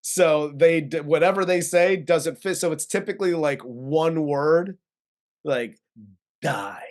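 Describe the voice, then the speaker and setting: Guy recapping a movie on a review show, kinda high voice, laughs a lot, casual. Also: measured pace. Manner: laughing, loose retelling of plot. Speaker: co-host film reviewer.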